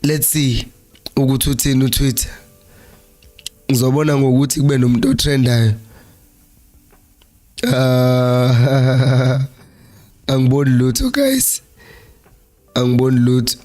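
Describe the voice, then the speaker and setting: Hoarse South African man chatting football. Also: mid-range voice, a little slow, pauses often, a little mellow, soft background music. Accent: South African, Zulu-speaking. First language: Zulu. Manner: mixes English and Zulu mid-sentence, reading viewer comments aloud. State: hoarse from a flu, voice failing. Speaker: fan channel host. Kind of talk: live-streamed casual football chat.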